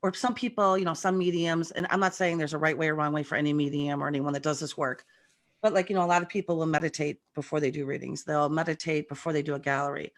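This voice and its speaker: A woman, a guest medium, telling stories in an animated, chatty way on a video call, her voice a bit rough from the morning. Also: low-pitched, fast. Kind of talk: casual chat.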